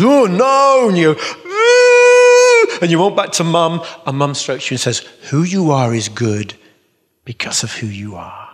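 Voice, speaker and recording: Earnest middle-aged male Christian teacher, animated storyteller, recorded in a reverberant hall. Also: medium pitch. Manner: earnest, acts out voices in stories. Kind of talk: teaching talk at a church conference.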